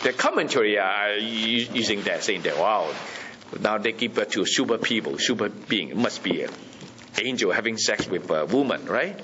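A man's voice: lowish voice, animated, moderate pace, dull audio, background noise. A man preaching a Bible teaching sermon, emphatic and repetitive, often checking that listeners understand.

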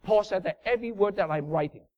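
A man preaching a sermon in non-native English, emphatic, swinging from loud bursts down to low murmurs. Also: fast talker, dry recording. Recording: dull lo-fi sound.

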